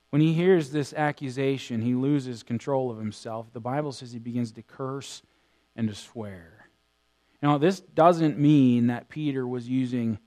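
A pastor preaching a sermon, swinging between loud bursts and hushed tones. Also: male voice, medium pitch.

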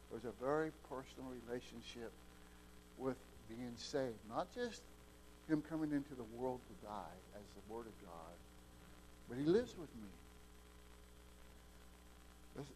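A man preaching a sermon in a folksy, homespun way, often restarting and repeating words and swinging from soft asides to loud, emphatic peaks. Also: medium pitch, a little hiss or hum, low-quality recording.

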